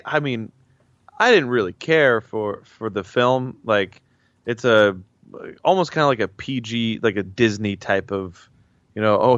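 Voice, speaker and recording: A man's voice: mid-range voice, a bit bright, no room sound, highs cut off. A man co-hosting a podcast in casual chat, rambling and blunt with many restarts. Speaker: podcast co-host.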